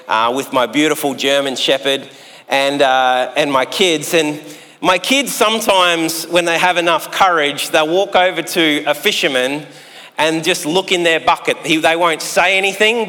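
A man, preaching a sermon in a relaxed, joking way with long pauses. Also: on the high side. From Australia. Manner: conversational and jokey, with long pauses. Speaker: pastor. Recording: echoey hall sound.

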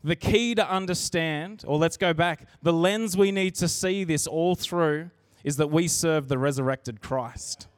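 An earnest man preaches in a church, his voice slightly high for a man, speaking conversationally and restarting his sentences. He talks a little slowly with hardly any pauses. The close, dry recording has little room sound and no echo.

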